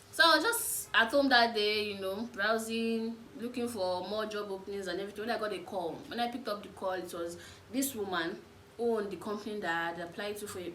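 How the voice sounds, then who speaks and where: A young Nigerian woman in her twenties tells her stories in an animated, casual vlog style. Her voice sits a little high, and she brings the other people in her stories to life. The sound is roomy and echoey, with faint noise in the background. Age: 20s. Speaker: vlogger.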